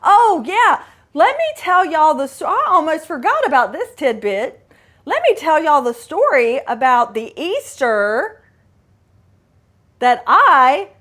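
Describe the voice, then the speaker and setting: A woman's voice: high-pitched, a bit bright. A middle-aged woman hosting a podcast, candidly telling a personal story with dramatic asides. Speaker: podcast host.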